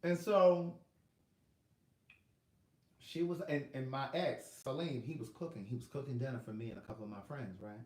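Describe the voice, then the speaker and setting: A middle-aged male author telling a personal story in a lively, laughing way, acting out quotes. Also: medium pitch, moderate pace, long pauses. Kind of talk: storytelling monologue. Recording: roomy echo.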